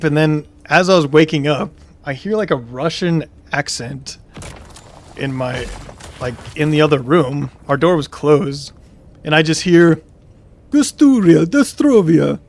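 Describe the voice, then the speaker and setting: A young man streaming a game tells a long story in a rambling, casual way, full of fillers and restarts. His voice is a little high, and he speaks unhurriedly, pausing often.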